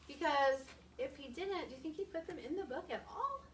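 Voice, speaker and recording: Teacher lady talking to little kids, bouncy lively voice, kinda high, echoey classroom heard from far off. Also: fairly quick, a little hiss or hum. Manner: animated and expressive, asking many questions. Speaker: elementary school teacher. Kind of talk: teaching a class of young children.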